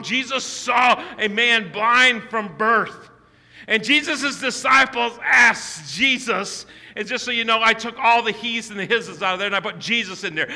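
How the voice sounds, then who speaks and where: A man's voice: high-pitched, bright, forceful tone, long reverb tail. A pastor preaching a sermon to his congregation, emphatic and repetitive, often restarting his sentences. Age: older. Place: church sanctuary.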